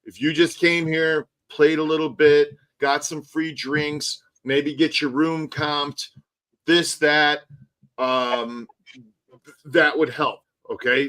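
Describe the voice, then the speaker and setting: A man's voice: a little high, slow, fairly bright tone, low-quality recording. A man hosting a live stream, ranting animatedly in casual chat and swearing often. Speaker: tour guide and live stream host.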